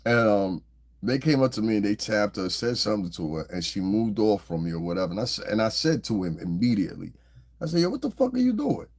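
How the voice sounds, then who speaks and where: A man's voice: lowish voice, animated, quick pace. A man hosting a podcast, talking loosely and profanely as a laughing storyteller. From New Jersey. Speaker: podcast host. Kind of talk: casual commentary monologue.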